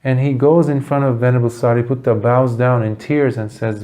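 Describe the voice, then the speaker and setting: A man giving a Buddhist dharma talk, telling a story earnestly with dramatic pauses. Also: medium pitch, steady tone, dark tone. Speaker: Buddhist teacher.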